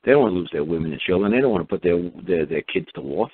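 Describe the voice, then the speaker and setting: A man's voice: low voice, lively intonation, racing, breathy edge, dry recording. A man ranting casually and sarcastically, acting out mock exchanges, with many restarts and fillers. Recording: dry tinny phone line.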